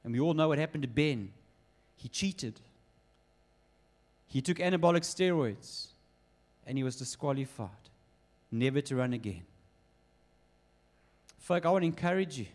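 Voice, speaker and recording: A man's voice: mid-range voice, normal speed, long pauses. A man preaching a sermon, telling stories with acted quotes. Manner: lively storytelling with acted quotes. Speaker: pastor.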